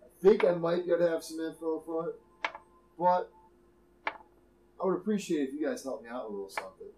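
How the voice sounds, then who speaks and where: A man voicing a calm, businesslike dark elf gang boss behind a desk. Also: fairly high pitch, brisk, reverberant, noisy background, pitched above the performer's own voice, lightly acted.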